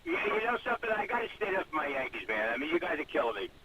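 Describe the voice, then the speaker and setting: A man's voice: on the high side, very animated, rapid-fire. A man calling in to a radio show by telephone, affable and folksy, stumbling over his words. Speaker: caller, county executive. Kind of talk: phone-in chat. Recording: noisy phone line.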